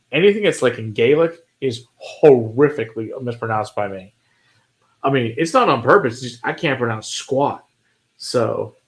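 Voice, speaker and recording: A man from Texas with a Texan accent, co-hosting a whiskey show in relaxed, joking chat and swearing freely. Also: medium pitch. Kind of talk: casual chat.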